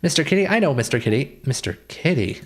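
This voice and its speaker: A man voicing a gentle little fairy companion while reading game dialogue aloud. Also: on the high side, sing-song, fast talker. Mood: eager.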